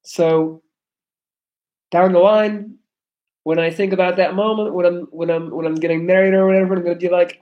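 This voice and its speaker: A man in his thirties from Belgium with an American accent, chatting loudly and animatedly on a live stream, cussing freely. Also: sits high, steady tone, normal speed, dull audio. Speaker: livestreamer. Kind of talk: casual live stream chat.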